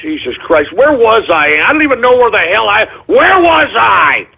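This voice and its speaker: A male radio show host with a hoarse voice, ranting in exasperation with shouted outbursts, curses and apologies. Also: high voice, big pitch swings, normal speed, noisy background. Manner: curses, then apologizes for cursing. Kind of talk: ranting call-in radio monologue. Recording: tinny phone-like lo-fi audio.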